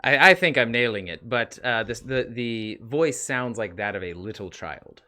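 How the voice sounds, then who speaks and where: A man running a tabletop role-playing game as game master, explaining things out of character in a halting way with many restarts. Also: medium pitch, expressive, bright, forceful tone.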